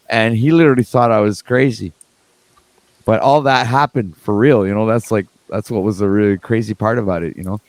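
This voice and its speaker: A man telling a story in casual chat on a video call, acting out the dialogue with lively energy. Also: lowish voice, brisk. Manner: animated storytelling, acts out dialogue.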